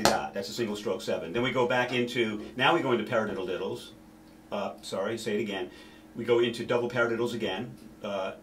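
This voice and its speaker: A man teaching a snare drum solo, counting beats aloud and stopping now and then to correct himself. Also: fairly low pitch.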